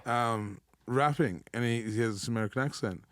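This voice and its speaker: A man's voice: mid-range voice, normal speed, fairly bright tone, no room sound. Profane Australian man, dry close sound. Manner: profane, peppers talk with "you know what I mean". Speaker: guest rapper. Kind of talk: casual podcast chat.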